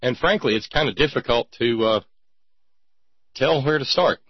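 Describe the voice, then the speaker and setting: A man's voice: mid-range voice, moderate pace, breathy edge, dry recording. A man hosting a talk show, giving casual, wry and digressive commentary with a sarcastic edge. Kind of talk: casual radio-style commentary. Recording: dull lo-fi recording.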